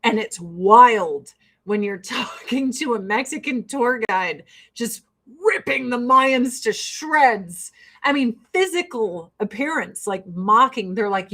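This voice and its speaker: Woman, higher voice, blunt profane rant, get-ready-with-me makeup chat. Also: lively intonation, slow pace, bright, forceful tone. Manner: blunt, profane, fired-up ranting. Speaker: beauty vlogger doing her makeup.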